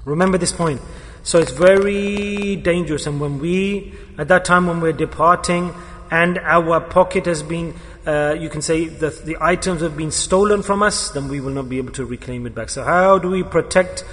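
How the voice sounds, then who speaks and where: High-voiced man preaching in echoing hall. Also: moderate pace, a bit bright. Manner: emphatic, repeats key words; poses questions to the audience. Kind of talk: sermon. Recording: echoey hall with long reverb.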